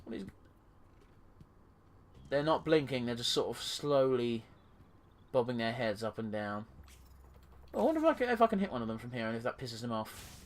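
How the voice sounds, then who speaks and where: A man's voice: medium pitch, lively intonation, moderate pace, long pauses. A man giving rambling, jokey, sweary commentary as he plays a video game. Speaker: let's play host. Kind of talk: gameplay commentary.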